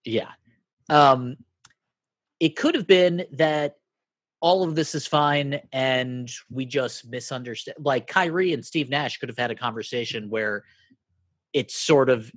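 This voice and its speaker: A man's voice: mid-range voice, unhurried, no echo. A man from Brooklyn co-hosting a casual podcast, thinking aloud and hedging with "like". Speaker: podcast co-host. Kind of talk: casual chat.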